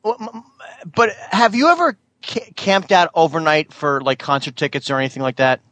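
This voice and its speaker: An indignant man in his fifties from New Jersey argues his point in casual chat, swearing and tripping over his words. His tone is bright and forceful. The voice sits a little high and sounds close and dry. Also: a little fast, dry recording.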